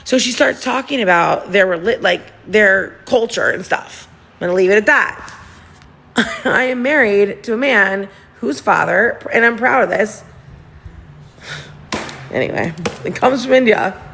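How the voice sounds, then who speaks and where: Woman livestream host, gossipy and giggly, rambling chat into a phone, slight vocal fry. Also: mid-range voice, unhurried, long pauses, a bit bright. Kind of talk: casual livestream chat to viewers.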